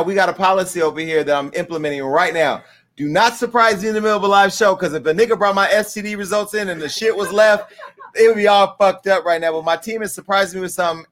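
A man's voice: high-pitched, a bit bright. A man hosting a live-streamed show, talking in brash, profane, rambling banter with his audience and crew. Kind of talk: casual live-stream talk.

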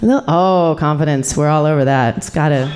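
A middle-aged sexuality educator entertains a live audience with a lively story, laughing and chatting with the people listening. She speaks in a deep voice and at a slightly quick clip.

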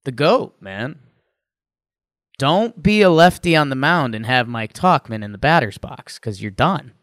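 A young man co-hosting a sports podcast in easygoing banter, his voice smooth and resonant. He talks in quick asides and leans into names for fun. The sound is close and dry, with no room around it. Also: medium pitch, animated, a bit bright, no echo. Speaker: podcast co-host. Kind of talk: casual sports chat.

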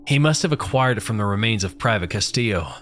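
Man, fairly low voice, horror story narrator, steady, grim. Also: quick pace, slight background noise.

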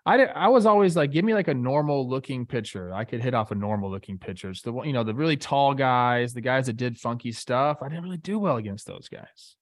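Male co-host, middle pitch, relaxed and eager, chatty with fillers, dry close mic. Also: fast talker, few pauses, dry recording. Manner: relaxed, enthusiastic, many fillers like "like". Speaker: podcast co-host, former player. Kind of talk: casual sports talk.

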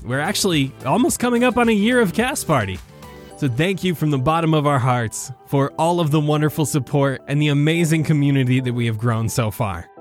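A man's voice: on the high side, animated, brisk, faint music behind. A man hosting a podcast, giving a grateful, upbeat outro. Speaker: podcast host. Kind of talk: show outro.

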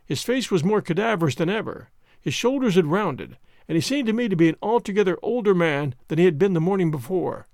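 A man narrating a classic detective story in an expressive, dramatic storytelling manner. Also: high-pitched, brisk, gravelly, dry recording, studio quality. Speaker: audiobook narrator.

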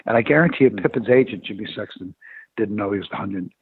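A man and former sports agent telling stories in a radio interview, animated and opinionated. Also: fairly low pitch, quick pace, slightly rough, no echo. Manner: animated storyteller. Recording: tinny phone-line radio sound.

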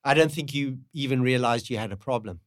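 A middle-aged father, talking in a halting, emotional way and often repeating himself. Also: mid-range voice, dry recording, studio quality. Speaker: parent, podcast guest. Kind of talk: candid conversation.

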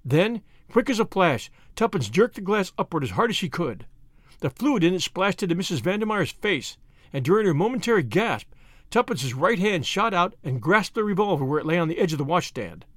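A man reading a novel aloud with expressive storytelling delivery. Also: high-pitched, a little fast, dry recording, studio quality. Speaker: audiobook narrator. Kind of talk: scripted novel narration.

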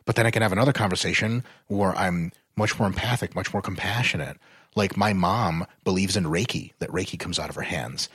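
Blunt, profane man with a husky voice. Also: fairly quick, dry recording, studio quality. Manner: blunt, profane, swears freely; animated and explanatory, swings up in pitch when fired up. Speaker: podcast guest. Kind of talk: casual podcast chat.

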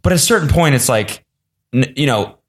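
A man's voice: mid-range voice, expressive, a little fast. A man hosting a casual podcast, playfully joining a friend's story, putting on mocking voices and laughing often. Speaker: podcast host.

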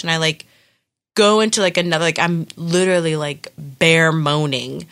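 Young woman guest, lively storyteller, bright forceful voice, slightly low pitch. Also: a little slow, smooth. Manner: animated storytelling with many fillers. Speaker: podcast guest telling her birth story. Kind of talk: casual chat.

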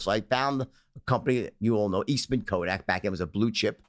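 A man as an interview guest, telling stories and acting out phone sales pitches in character. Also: quick pace, no echo, clean studio sound. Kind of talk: storytelling in a conversational interview.

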